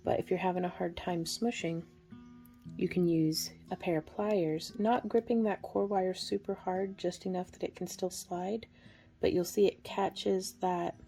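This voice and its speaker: A woman giving a relaxed, chatty hands-on craft tutorial, talking through each step and counting stitches aloud. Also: on the low side, gravelly. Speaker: craft instructor.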